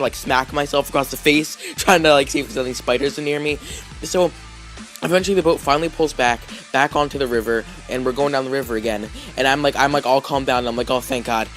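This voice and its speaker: A man's voice: a little high, fairly bright tone. A man vlogging, telling a story casually with lots of fillers, restarts and "like"s. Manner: rambling, heavy with fillers and restarts.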